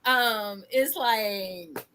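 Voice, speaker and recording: A woman guest in a casual adult chat who laughs often as she tells stories in a drawn-out, expressive way. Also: medium pitch, slight background noise.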